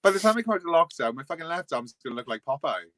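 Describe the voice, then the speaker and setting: A man's voice: fairly high pitch, very animated, very fast, fairly bright tone, no echo. Foul-mouthed man in his forties. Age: 40s. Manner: crude, swears constantly, self-mocking humor. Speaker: guest. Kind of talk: casual chat.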